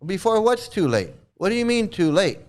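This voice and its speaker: A male streamer rants in a combative, mocking way, circling back over the same jabs again and again. His voice is high and smooth. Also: very animated, moderate pace, a little mellow. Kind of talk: ranting commentary.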